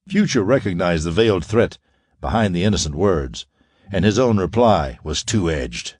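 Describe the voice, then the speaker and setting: A man narrating an audiobook in an expressive, lively reading style. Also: low voice, normal speed, husky, no room sound, clean studio sound.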